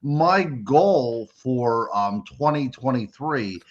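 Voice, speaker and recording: Man from western pennsylvania, radio guest, chatty and joking, mid-pitched voice, dull lo-fi line. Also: lively intonation, very slow. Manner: chatty, joking, with small restarts. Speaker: guest, cryptid author. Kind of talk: casual radio interview.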